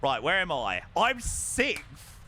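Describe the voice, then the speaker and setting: A man streaming live, chatting casually and excitably with his viewers and swearing now and then. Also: a little high, slow. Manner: excitable, swears, talks to chat.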